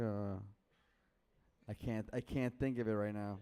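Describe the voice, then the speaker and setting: Male stand-up, slow and halting, self-mocking, very clean tone. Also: on the low side, fairly even intonation, mellow, clean tone. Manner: halting, self-deprecating, laughing at his own jokes. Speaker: stand-up comedian. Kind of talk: stand-up set.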